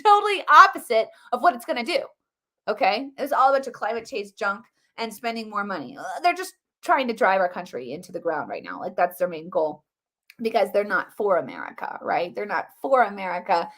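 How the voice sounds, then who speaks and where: A woman's voice: medium pitch, a little fast. A middle-aged woman hosting a live political commentary stream, talking casually and animatedly with lots of restarts and fillers. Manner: animated, rambling, many restarts and fillers, addresses viewers as guys. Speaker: host of a political commentary livestream.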